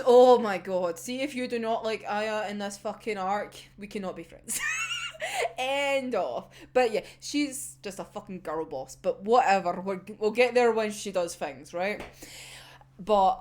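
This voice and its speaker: A woman's voice: mid-range voice, big pitch swings, a little slow, darkish tone, raised voice. A young woman with a Scottish accent chatting casually about an anime episode, swearing freely and laughing often. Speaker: anime reviewer.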